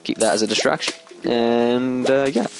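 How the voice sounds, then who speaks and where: A man giving casual let's play commentary, explaining as he plays, with sudden squeaky excited outbursts. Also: moderate pace, rough recording. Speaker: gameplay commentator. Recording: game music playing behind. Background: game music.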